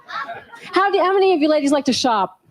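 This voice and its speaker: A woman's voice: very high voice, expressive, brisk, a faint crowd. A young woman from New Orleans doing a playful, self-mocking stand-up routine. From New Orleans, USA. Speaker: stand-up comedian.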